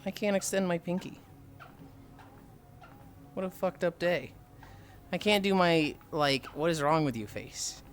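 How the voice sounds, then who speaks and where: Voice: mid-range voice, unhurried, pauses often. A streamer chatting casually with viewers while walking on a treadmill, tired from the long walk, exasperated and sighing often. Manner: exasperated, sighing often, reading and answering chat. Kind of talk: casual live-stream chat.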